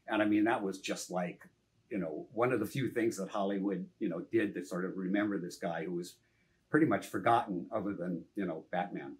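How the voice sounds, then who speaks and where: An older man, a film director, telling anecdotes in a casual interview, lively and full of "you know" and the odd curse. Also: sits low, brisk. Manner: animated, anecdotal, frequent "you know", some swearing.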